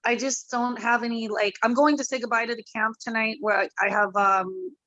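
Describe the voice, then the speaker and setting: A woman's voice: a little high, steady tone, a little fast, fairly bright tone, no room sound, poor audio. Woman fighter talking loosely, dry sound. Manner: rambling, loose and candid, swears freely. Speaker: MMA fighter guest. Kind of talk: casual interview chat.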